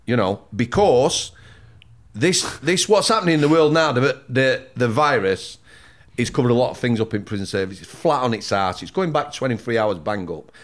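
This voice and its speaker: A man with a mid-pitched voice who speaks in a measured, conversational way. He often repeats words as he searches for what to say. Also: lively intonation. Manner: measured, repeats himself while finding words. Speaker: former prison officer, guest. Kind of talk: conversational discussion.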